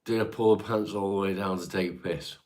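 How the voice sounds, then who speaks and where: Blunt Devon man, very deep voice. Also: fairly even intonation, a little fast, darkish tone. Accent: English, Devon. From England. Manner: blunt, swears freely, British slang. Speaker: livestream host reading chat. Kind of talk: casual livestream chat. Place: his home.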